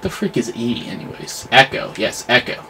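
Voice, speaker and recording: A man giving live commentary over his own gameplay, excitable and yelling at the game, with clean substitute swears. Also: medium pitch, normal speed, a little hiss or hum. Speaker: gamer.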